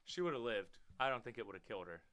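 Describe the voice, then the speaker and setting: A man hosting his own podcast, telling a story in a casual, animated way, swearing freely and talking straight to his listeners. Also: mid-range voice, very fast, very noisy. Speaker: podcast host.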